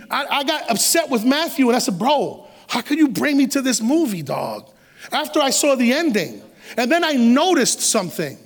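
A middle-aged man preaching a sermon as a guest preacher, animated and streetwise, acting out quotes with humor. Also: very high voice, big-room sound. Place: church sanctuary.

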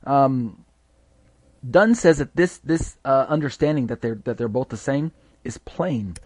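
A man's voice: medium pitch, expressive, a little slow, darkish tone, no room sound. Man teaching a Bible study. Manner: explanatory, with frequent fillers and restarts.

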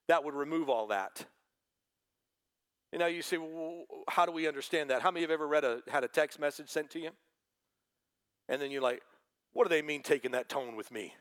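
A man's voice: sits high, a bit bright. A man preaching a sermon to a congregation, talking in a conversational way and quoting scripture. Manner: conversational preaching with quoted asides. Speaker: pastor.

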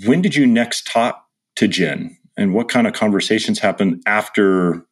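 A male podcast host with a slightly low voice asks his guest questions in a relaxed, conversational way. He breaks in and rephrases his questions while he thinks aloud. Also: normal speed, slightly rough. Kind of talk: casual interview questions.

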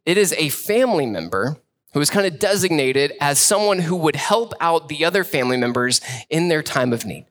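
A young male pastor explains scripture in a loose, chatty way, sprinkling his sentences with "like." His voice sits a bit high for a man, and he talks as if chatting with friends. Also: expressive, fairly quick, fairly bright tone. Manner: casual, conversational, many "like"s. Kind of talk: sermon.

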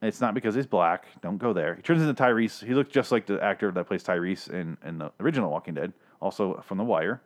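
A man's voice: sits low, fast, hardly any pauses. A man hosting a casual TV episode recap, rambling, profane and opinionated as he talks. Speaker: podcast host.

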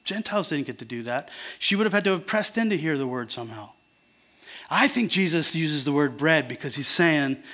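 A man's voice: fairly high pitch, lively intonation, brisk, a bit bright. Earnest man preaching a sermon. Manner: earnest, conversational, rising to emphatic.

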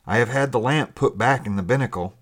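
A man voicing a gruff but kind fisherman who talks bluntly and roughly. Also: mid-range voice, brisk, pitched above the performer's own voice, natural voice.

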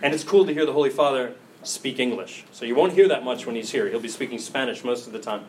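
A priest in his forties giving a casual, animated talk to college students, with frequent jokes and laughter. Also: mid-range voice, quick pace, recorded from a distance, slight background noise. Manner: animated, jokey, laughing asides. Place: campus ministry gathering.

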